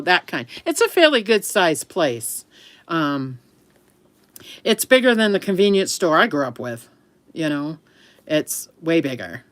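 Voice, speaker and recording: A woman's voice: fairly low pitch, a bit bright, smooth, no room sound. A middle-aged woman from the US East Coast chatting casually on a livestream, rambling with frequent laughs and self-corrections. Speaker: livestream host.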